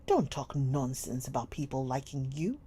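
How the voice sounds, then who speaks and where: A woman's voice: very deep voice, very animated, normal speed, breathy edge, voice pushed down, full character voice. A woman doing a cold, stern schoolmistress. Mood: commanding. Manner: stern, sharp, scolding. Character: cold domineering schoolmistress, middle-aged woman.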